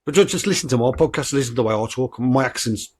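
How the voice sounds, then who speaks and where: A man's voice: mid-range voice, lively intonation, quick pace, a little mellow, slightly rough. A man with a Black Country accent, chatting casually as a podcast host, rambling and swearing freely. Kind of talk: casual chat.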